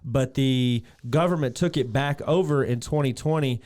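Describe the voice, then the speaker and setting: Joking podcast man with a smooth voice. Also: medium pitch, moderate pace, a little mellow. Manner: jokey, reads out trivia loosely. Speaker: podcast co-host. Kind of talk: casual chat.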